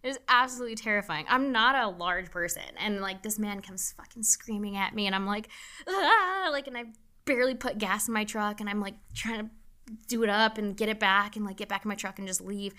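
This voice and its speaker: A woman's voice: medium pitch, fairly even intonation, quick pace, bright, forceful tone. A young woman nurse being interviewed, talking candidly and emotionally, swearing freely. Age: young adult. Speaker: nurse guest. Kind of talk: casual interview talk.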